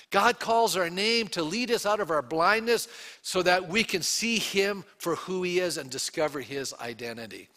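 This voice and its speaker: Delivering an Easter sermon, this pastor narrates with lively asides, acts out the quotes, and asks his congregation questions. He has a high-sitting voice.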